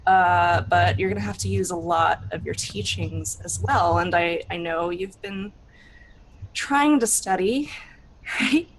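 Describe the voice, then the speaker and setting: A doting female orc mentor, voiced by a woman, stumbling over her words as she tells her charge how proud she is. Her delivery is halting and repetitive, now and then sinking to a soft, breathy hush. A tabletop role-play voice. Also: fairly low pitch, slight background noise, low-quality recording. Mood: fond. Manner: halting, repeats herself, soft and breathy in places.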